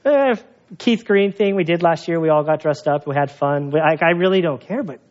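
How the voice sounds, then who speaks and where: A middle-aged male pastor preaching a conversational sermon, telling personal stories in an animated, self-mocking way. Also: a little high, moderate pace. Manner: animated, chatty storytelling with self-mocking humor. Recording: dull lo-fi sound.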